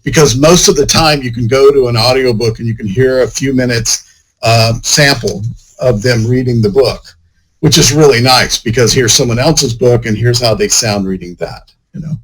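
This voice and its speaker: A man's voice: medium pitch, moderate pace, slightly rough, low-quality recording. A man, an author, chatting casually in an interview, rambling and full of "you know" fillers. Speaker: author and guest.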